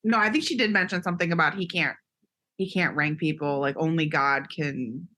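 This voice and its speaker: A woman's voice: sits low, brisk, bright, forceful tone. A woman co-hosting a podcast, giving her opinions in an emphatic, casual way. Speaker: podcast co-host.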